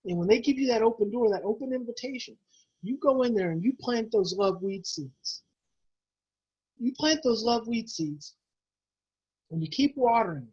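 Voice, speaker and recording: A man's voice: very high voice, lively intonation, moderate pace, pauses often, darkish tone, husky, highs cut off. A man presenting a parenting webinar, urging parents on in an emphatic, repetitive, preacher-like way. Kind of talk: impassioned webinar teaching.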